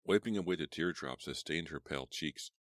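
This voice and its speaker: A man with a very deep voice reads a horror audiobook in a measured, steady way. The recording is dry and close. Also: dry recording. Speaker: audiobook narrator. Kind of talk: scripted horror audiobook narration.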